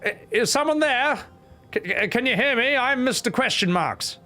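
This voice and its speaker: Pompous mystery guardian guy behind a gate, a man doing it, slow grand delivery, faint music under it. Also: very high-pitched, expressive, bright, forceful tone, pitched above the performer's own voice, full character voice. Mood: mysterious.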